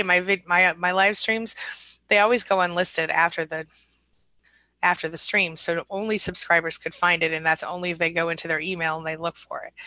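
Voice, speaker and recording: A woman hosts a casual live stream, reading out viewer comments and greeting each person by name. Her voice is bright and forward, recorded close and dry with no room sound. She answers questions off the cuff in an easy, chatty way. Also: sits low, dry recording, rough recording. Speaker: relationship recovery coach hosting a live stream.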